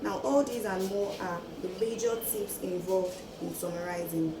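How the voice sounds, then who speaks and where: A woman teacher walks students through a lesson, counting off her points one by one in a steady, measured voice. She sounds a little far from the mic in an echoey room, with steady noise behind her. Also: medium pitch. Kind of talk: classroom lesson.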